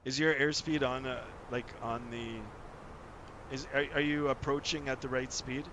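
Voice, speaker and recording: His medium-pitched voice stays level and moves a little slowly, with background noise in the recording. He's a Canadian pilot live streaming a flight simulator, chatting casually and amiably, full of filler words and false starts.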